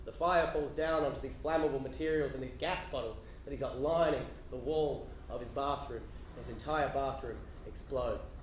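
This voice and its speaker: An Australian man doing stand-up storytelling, stammering restarts and swinging from hushed to shouting. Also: medium pitch, moderate pace, echoey room, a little hiss or hum. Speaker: storyteller comedian. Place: theatre stage with live audience.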